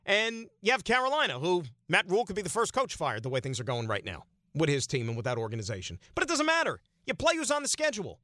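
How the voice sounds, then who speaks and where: A man's voice: sits high, huge pitch swings, fast talker, bright, forceful tone, dry recording, clean studio sound. A man hosting a sports talk radio show, giving an opinionated monologue full of rhetorical questions.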